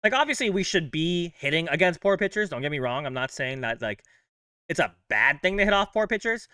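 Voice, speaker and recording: A man's voice: fairly high pitch, sing-song, brisk, sharp tone, smooth, no echo, studio quality. A man hosting his own fan channel, chatting in a casual, upbeat way with plenty of loose fillers. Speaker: host of a fan sports channel. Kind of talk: casual chat.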